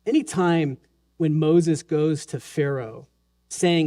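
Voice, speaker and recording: Earnest high-voiced pastor preaching slowly. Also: male voice. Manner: earnest, swings from hushed and soft to raised and urgent. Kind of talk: sermon. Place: church sanctuary during a Sunday service.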